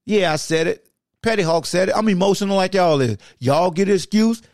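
A man in his forties hosting a sports podcast, ranting loudly in slangy talk and arguing back and forth with himself. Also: high voice, a little fast, no echo, studio quality. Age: 40s. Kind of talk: heated sports rant in an alter-ego persona.

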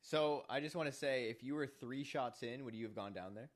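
A young man with a mid-range voice co-hosts a relaxed chat. He cuts in with short, joking reactions and follow-up questions. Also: mid-range voice. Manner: joking interjections and quick reactions. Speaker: co-host. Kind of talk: casual chat.

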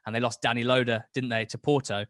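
A man's voice: mid-range voice, level tone, fast, a bit bright, no room sound. Enthusiastic rambling man, dry sound. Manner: enthusiastic, rambling, many restarts. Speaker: football podcast guest. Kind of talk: casual chat.

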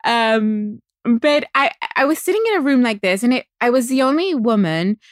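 A woman from the Emirates telling a personal story as a guest, acting out what people said in a lively, animated way. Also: a little high, normal speed, no echo, clean studio sound. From United Arab Emirates. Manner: animated, acts out quoted voices. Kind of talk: conversational storytelling.

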